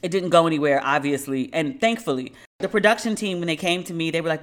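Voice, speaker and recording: Speaking fast in a deep voice, a woman delivers solo commentary on her podcast. She tells the story with a sardonic, mocking edge and shifts into voices for quotes.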